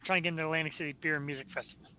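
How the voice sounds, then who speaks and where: A man's voice: fairly high pitch, steady tone, racing, clean tone. A man hosting a radio show, telling jokey stories in casual chat and laughing often. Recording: narrow phone-like radio sound.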